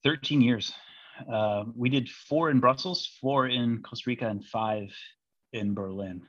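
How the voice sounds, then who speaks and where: A man's voice: medium pitch, measured pace, no room sound, muffled recording. A man from Missouri, a diplomat, chatting casually as an interview guest, rambling with many fillers and restarts. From Missouri, United States.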